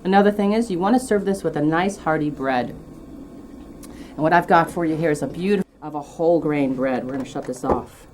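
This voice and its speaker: A woman's voice: low voice, normal speed, darkish tone, a little hiss or hum. A woman hosting a cooking show, demonstrating a dish in a chatty, enthusiastic way with light teasing.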